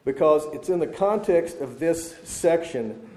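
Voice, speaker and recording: A man preaches a sermon to a live audience in a conversational way and keeps putting questions to them. His voice is slightly high for a man and warm and mellow. The big room gives it a clear echo. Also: lively intonation, unhurried. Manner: conversational, asks the crowd questions. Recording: echoey room.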